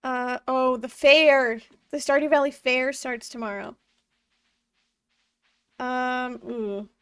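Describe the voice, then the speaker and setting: High, gravelly-edged woman streamer chatting. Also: far from the mic. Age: 20s. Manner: chatty, laughs often, talks to chat and the game. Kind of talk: casual live-stream chat while gaming.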